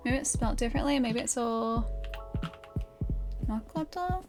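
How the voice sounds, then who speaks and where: A woman's voice: medium pitch, measured pace, music in the background. An Australian woman streaming live, casually thinking aloud and chatting with her viewers.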